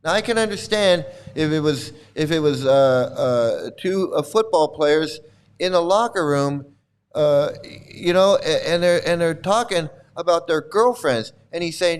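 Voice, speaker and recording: A man's voice: on the high side, a little slow, clean tone. A man hosting a livestream and ranting to his chat in heated, indignant commentary, often repeating himself. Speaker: livestream host.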